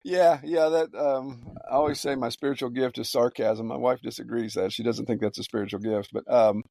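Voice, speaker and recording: Halting, good-humored man farmer. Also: medium pitch, fairly even intonation, vocal fry, mellow, dry recording, clean studio sound. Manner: halting, repeats words, laughs while telling stories. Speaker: farmer guest. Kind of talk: casual podcast interview.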